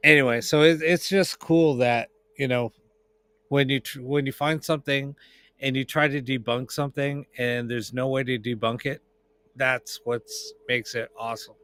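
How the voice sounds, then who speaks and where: A man's voice: mid-range voice, fairly even intonation, moderate pace, a bit bright, clear, resonant tone. A man explaining paranormal audio apps on a live stream, rambling with many restarts and fillers. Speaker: paranormal investigator. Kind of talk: casual live-stream chat.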